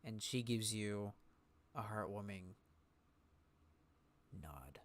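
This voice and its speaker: A man narrating a tabletop game as game master in a slow, relaxed way with pauses. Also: fairly low pitch.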